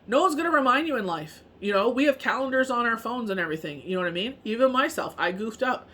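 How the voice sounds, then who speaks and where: A woman's voice: a little high, animated, fast, fairly bright tone. A woman who reads tarot, talking in a casual, rambling monologue full of fillers. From Canada. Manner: rambling, heavy on fillers like "you know what I mean". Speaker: tarot reader and medium.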